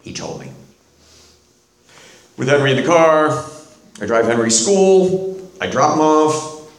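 A middle-aged man, a guest on the show, telling a personal story in a halting way, with many restarts and quiet pauses. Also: medium pitch, very animated. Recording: roomy echo.

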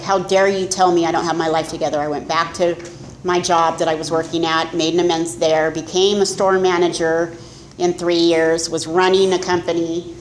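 A woman's voice: on the low side, slight background noise. A middle-aged woman giving a candid, self-mocking personal testimony as a speaker at a recovery meeting. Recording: echoey room with faint ambience.

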